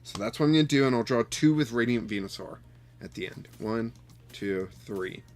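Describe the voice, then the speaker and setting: A man giving live gameplay commentary on a card game, talking to his opponent with exasperated outbursts and quiet muttered counting. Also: medium pitch, expressive, normal speed. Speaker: card game player and streamer.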